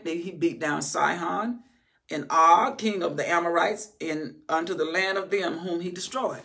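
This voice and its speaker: A middle-aged woman teaching scripture with a gravelly, bright-edged voice. She reads a verse, then drives her point home with emphatic repetition. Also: fairly low pitch, a little slow. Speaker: Bible teacher. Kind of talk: Bible study teaching.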